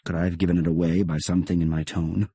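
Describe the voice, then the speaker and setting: A man's voice: low voice, flat delivery, quick pace, dark tone, slightly rough, no room sound, clean studio sound. A man narrating an audiobook in the first person, in a wry, conversational way.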